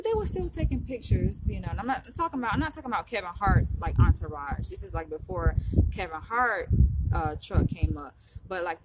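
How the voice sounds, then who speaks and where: A woman's voice: medium pitch, heavy background noise. A woman vlogger talking casually to her viewers, rambling with lots of fillers like "you know" and "like". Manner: chatty, rambling, full of fillers. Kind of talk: casual chat to camera. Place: in Los Angeles.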